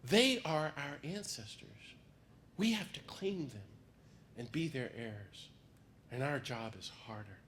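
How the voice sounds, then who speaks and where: Man, priest, talking through a cold; passionate public talk, mid-range pitch, faint background noise. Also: expressive, measured pace, fairly bright tone. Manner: passionate, emphatic preaching tone. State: has a cold. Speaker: priest and speaker. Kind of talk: public talk to a peace group.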